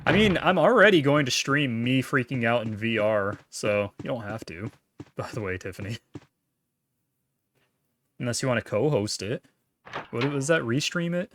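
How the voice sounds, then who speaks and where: A man's voice: mid-range voice, moderate pace, long pauses, faint music behind. A man in his thirties chatting casually and jokily with his chat while livestreaming a game. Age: 30s. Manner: animated, jokey, talks to chat while playing. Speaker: streamer.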